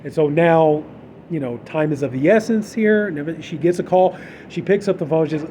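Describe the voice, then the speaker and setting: A man's voice: fairly high pitch, fairly quick, dark tone, slight background noise, rough recording. A man casually retelling a film's plot on a podcast, rambling and filling gaps with "you know". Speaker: horror podcast co-host. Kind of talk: casual film recap.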